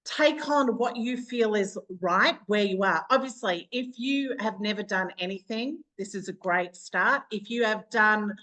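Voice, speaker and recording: A bubbly Australian woman runs a live online training session as a business coach. She talks in a chatty, warm-hearted run and breaks into laughter often. Her voice comes through a video call. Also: mid-range voice, unhurried, few pauses, poor audio.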